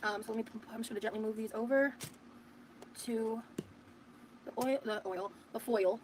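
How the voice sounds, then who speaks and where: A woman's voice: a little high, normal speed, noisy background. A woman rambling casually to her live-stream chat while she cooks, swearing now and then.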